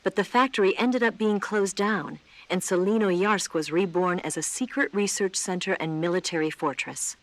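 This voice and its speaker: An actress playing a cool, composed female spy who briefs a soldier over the radio in calm, measured video game dialogue. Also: lowish voice, no room sound, close to an everyday voice.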